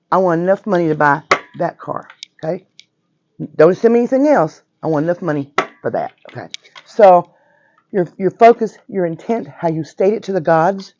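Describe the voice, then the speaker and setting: A woman in her sixties with a hoarse, nearly gone voice, teaching a witchcraft class in a chatty, emphatic way and often checking in with "right?" and "okay?". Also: lowish voice, mellow, lo-fi sound, a little hiss or hum. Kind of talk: informal class lecture. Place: metaphysical shop classroom.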